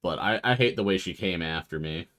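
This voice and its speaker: A man's voice: deep voice, fairly quick. A young man on a game stream, telling a long, swearing-laced story and mimicking the people in it. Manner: swears freely, animated storytelling with voiced quotes. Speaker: let's play streamer. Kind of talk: casual chat.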